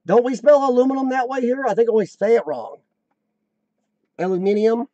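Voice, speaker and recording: Man, American, high voice, mellow tone, dry close sound, rambling casual live-stream chat. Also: expressive, quick pace, no echo, muffled recording. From United States. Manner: rambling, chatty, joking.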